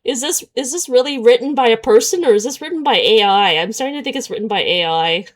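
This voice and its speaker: A woman's voice: on the high side, animated, fast. A woman hosting a let's play, commenting on a visual novel in a sarcastic, incredulous way and laughing often. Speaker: gaming channel host.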